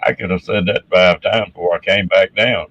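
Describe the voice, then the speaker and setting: Hoarse man, very deep and gravelly, husky, folksy storyteller, dull lo-fi sound. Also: fairly even intonation, normal speed, fairly bright tone, no room sound. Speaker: show regular. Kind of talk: casual chat.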